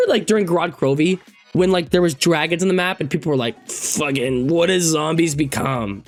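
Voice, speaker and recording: A young man around twenty talks casually through forum posts for his gaming channel. He swears freely, bursts up loud and then sinks into low mutters. Faint music plays quietly behind his voice. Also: normal speed. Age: 20s. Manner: animated, swearing, swings between loud outbursts and low mutters. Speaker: gaming YouTuber.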